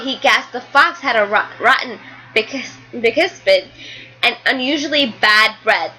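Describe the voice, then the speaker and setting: A woman's voice: fairly high pitch, normal speed, bright, forceful tone, low-quality recording. A woman teacher reading a picture book aloud to a class, stopping to explain words and pictures.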